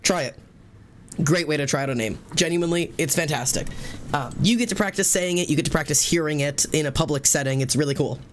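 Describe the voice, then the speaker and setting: A young man on a livestream, rambling through a story packed with "like" fillers and often laughing at himself. His voice sits a little higher than most men's. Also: quick pace, slight background noise. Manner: chatty, rambling, full of "like" fillers. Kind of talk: casual chat to a live chat.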